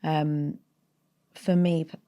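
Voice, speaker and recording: A woman from North London speaks in a neutral British accent with a faint North London edge, low and mellow. She is a voiceover artist talking through her work as an interview guest, thoughtful and unhurried, often restarting her sentences. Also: little pitch movement. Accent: neutral British with a North London tinge. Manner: thoughtful, explains at length with restarts. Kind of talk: casual interview chat.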